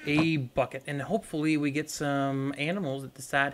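A man's voice: a little high, little pitch movement, moderate pace, hardly any pauses. Young male gaming host, rambling let's-play chat, light hiss on the mic. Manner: rambling, talks to viewers while playing. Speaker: gaming YouTuber. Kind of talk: casual let's-play commentary.

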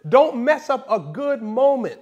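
A male preacher delivering a sermon with a comic, teasing streak and plenty of mock scolding. His voice sits high for a man, and he takes his time, drawing out his words at an unhurried pace. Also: very animated, darkish tone, dull audio. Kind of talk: comedic preaching.

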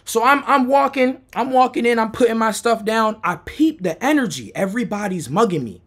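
A young American man who streams, telling a personal story in a loose, profane way, going from low mutters to shouts. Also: lively intonation, a little fast. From United States. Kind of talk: storytime chat.

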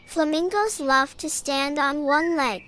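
A woman narrating a scripted children's lesson in a bright, encouraging way, often asking the listener to join in. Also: high-pitched, measured pace, a little hiss or hum.

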